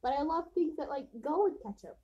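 A woman's voice: sits high, expressive, warm tone, dull audio. A woman chatting casually and giggling as she tastes hot sauce in a hotel room. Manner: giggly, chatty, drawn-out listing. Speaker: vlogger tasting hot sauce. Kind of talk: casual chat.

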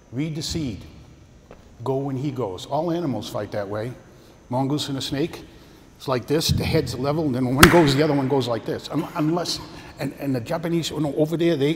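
A man's voice: medium pitch, moderate pace, slight background noise. An older man teaching a karate seminar, explaining techniques and walking his students through partner drills. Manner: coaching, talks through demonstrations with partners. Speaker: karate instructor. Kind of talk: teaching a martial arts seminar. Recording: echoey hall with long reverb, faint ambience.

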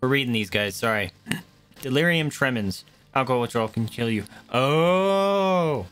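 A man gives casual gameplay commentary, reading messages off the screen and tossing in quick, sometimes profane reactions. His voice is bright and forward, at an ordinary pitch for a man. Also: soft background music. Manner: reads in-game texts aloud with quick, swearing reactions. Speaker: let's play gamer.

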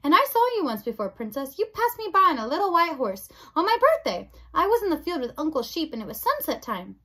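A woman doing a loud rustic servant girl. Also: high voice, very animated, brisk, voice pushed up, exaggerated voice. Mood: loud earnest. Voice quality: rustic, shouting, dropped grammar. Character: rough-spoken hard-of-hearing servant girl, twelve.

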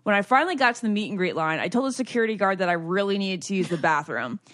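A woman co-hosting a podcast, chatting casually and reading listener emails aloud in an animated way. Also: medium pitch, fast, no echo, studio quality. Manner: lively, reads stories aloud with animation. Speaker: podcast co-host.

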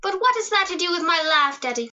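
A woman's voice: very high-pitched, big pitch swings, quick pace, pushed and bright, dull audio, full character voice. Woman playing a bubbly, adoring teenage daughter. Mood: playful teasing. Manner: bubbly, teasing, affectionate. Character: playful, adoring teenage daughter putting her hair up. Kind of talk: radio drama acting.

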